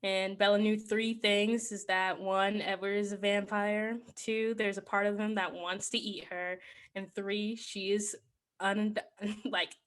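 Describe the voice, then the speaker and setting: A podcast host with a bright, clear-edged voice sits somewhere in the middle of the female pitch range. She runs through a movie plot in a loose, chatty way, giggling often and leaning on "like" as she goes. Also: flat delivery, a little slow. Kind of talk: casual movie plot recap.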